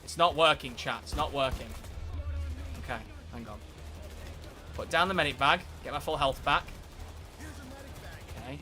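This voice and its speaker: A man giving live, excitable gameplay commentary as a streamer, swearing and bursting into shouts. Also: mid-range voice, moderate pace, pauses often, soft background music. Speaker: game streamer.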